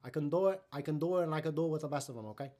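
A man's voice: a little high, racing, a little mellow, natural voice. A man putting on a Cuban Spanish accent, voicing a brash, tough-talking man with a cocky, teasing manner. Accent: Cuban Spanish, put on.

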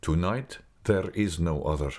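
A man voicing a grave, secretive older male guide who speaks slowly and mournfully. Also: low-pitched, a little mellow. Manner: slow, measured, mournful.

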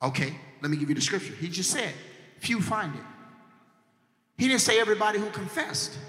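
A man preaching a sermon to a congregation, going from quiet talk to shouted, sung-out lines and calling for responses. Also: high-pitched, very animated, fast. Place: church. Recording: echoey church hall with music behind.

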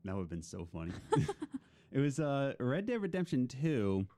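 A young man co-hosting a casual chat, rambling excitedly with many restarts. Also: medium pitch, moderate pace. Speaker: podcast co-host.

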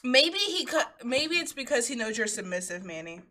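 A woman's voice: on the high side, normal speed, slight background noise. A woman in casual chat, swearing freely and laughing often as she tells stories. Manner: laughing, profane, animated storytelling.

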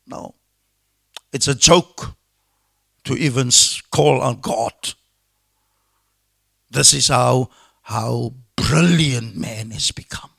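A man preaching a sermon, impassioned, moving between loud shouts and hushed whispers. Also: medium pitch, slow, gravelly, long pauses, breathy edge, no room sound, clean studio sound. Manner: speaks in God's voice when quoting.

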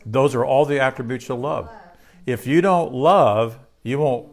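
A man's voice: medium pitch, unhurried, vocal fry. A man preaching a sermon in a conversational way, asking his listeners questions and repeating key phrases. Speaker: pastor.

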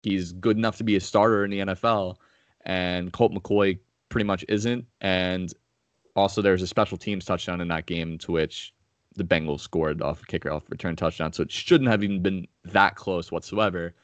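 A man with a very low voice hosts a sports betting podcast. He talks bluntly and swears freely while making his picks. The recording is dry, with no room sound. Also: fairly even intonation, normal speed, dry recording. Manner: blunt, profane, opinionated. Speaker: podcast host. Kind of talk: casual sports betting chat.

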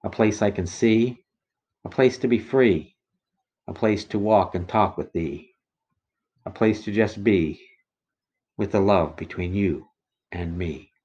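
A man reciting his own rhyming religious poems in a slow, measured, rhythmic way. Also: fairly low pitch, darkish tone, slightly rough. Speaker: poet reciting testimony. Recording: dull lo-fi recording.

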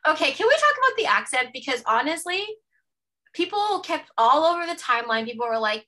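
A woman's voice: sits high, sing-song, brisk, sharp tone. A woman from Canada with a Canadian accent, co-hosting a podcast in casual, chatty talk full of "like". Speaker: podcast co-host. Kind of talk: casual chat.

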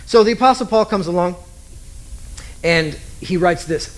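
A man's voice: high-pitched, normal speed, pauses often, slight background noise. A man preaching a sermon as a pastor, conversational and joking, throwing rhetorical questions at the congregation.

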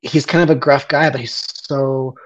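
A man in his forties talks through his photo project, earnest and openly emotional, pausing on fillers as he goes. His voice is slightly husky and sits at a middle pitch. The audio is a bit dull. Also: level tone. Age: 40s. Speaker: photographer presenting a portrait project. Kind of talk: conversational presentation.

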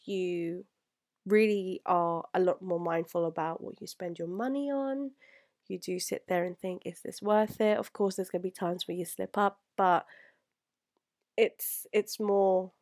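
A woman's voice: on the low side, fairly even intonation, measured pace, darkish tone. Emotional young woman. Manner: earnest, rambling, fillers and restarts. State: close to tears. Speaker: vlogger. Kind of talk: reflective letter to her past self.

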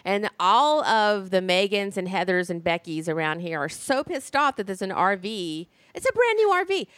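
A woman's voice: mid-range voice, big pitch swings, moderate pace, fairly bright tone, no echo. A woman from Alabama hosting a podcast in casual interview chat, blunt and swearing freely. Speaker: podcast host.

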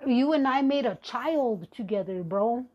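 A woman's voice: fairly high pitch, lively intonation, a little slow, dull audio. A woman hosting a podcast, ranting angrily and profanely in a confrontational personal monologue. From Native American. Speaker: podcast host.

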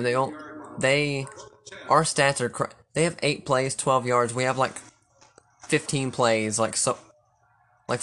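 A man chatting through a football video game as he plays, cursing often and muttering his plays to himself. His pitch sits in the middle, and a faint hiss runs under the recording. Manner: profane, excitable, thinking aloud. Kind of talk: casual gameplay commentary.

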